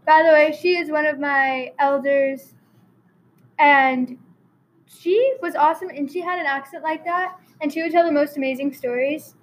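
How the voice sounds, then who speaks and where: A woman from Texas co-hosts a casual podcast in a high voice. She sounds earnest and sincere, with faint room ambience behind her. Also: normal speed, a little hiss or hum. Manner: earnest, apologetic, giving shout-outs. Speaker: co-host.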